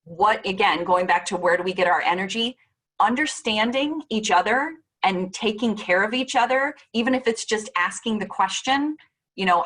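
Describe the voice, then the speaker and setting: A middle-aged woman gives a relaxed presentation in an easygoing, conversational way. Her voice sits at an ordinary middle pitch, and she slips in filler words and short voiced quotes as she goes. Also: normal speed. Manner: chatty, warm-hearted, lots of fillers and voiced quotes. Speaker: parenting speaker presenting a talk. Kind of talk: casual presentation.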